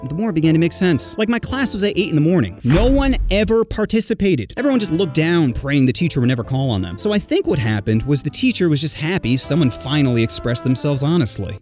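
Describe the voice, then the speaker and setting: A young man telling a comedic story in an animated way, jumping into mock voices for himself. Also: a little high, quick pace, few pauses, faint music behind.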